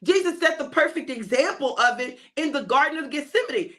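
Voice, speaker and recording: A woman preacher giving an animated, emphatic sermon and addressing listeners as "baby". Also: sits high, moderate pace.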